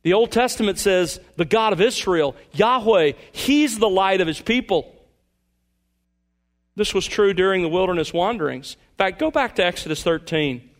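Male pastor, high-pitched, earnest sermon delivery with deliberate slow stresses and hushed drops. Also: expressive. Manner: earnest preaching, slows to stress words, drops to a hush at points.

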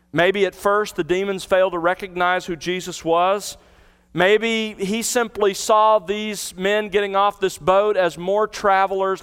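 High-voiced man preaching a sermon. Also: fairly bright tone, clear, resonant tone. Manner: earnest teaching with rhetorical questions and vivid retelling. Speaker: pastor. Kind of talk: expository sermon.

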